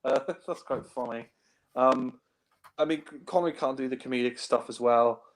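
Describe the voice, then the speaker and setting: A man's voice: medium pitch, normal speed. Rambling man chatting about films. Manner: rambling, heavy on fillers, laughs often. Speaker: film reviewer. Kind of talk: casual film discussion.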